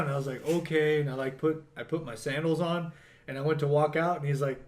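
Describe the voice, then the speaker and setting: A man's voice: fairly high pitch, fast talker, darkish tone. A man co-hosting a casual podcast, telling a story to friends in a laid-back way and laughing as he goes. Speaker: podcast co-host.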